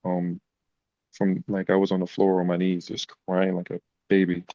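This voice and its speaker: A man's voice: low-pitched, normal speed, no room sound, muffled recording. A man, a podcast guest, telling personal stories in a casual, emotional way. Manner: emotional, animated retelling. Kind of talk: casual storytelling.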